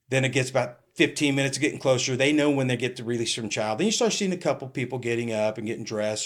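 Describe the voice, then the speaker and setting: A middle-aged man from California, a retired police captain, telling rambling stories in a casual interview, swearing and acting out what people said. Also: on the low side. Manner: rambling, swears, acts out quoted lines.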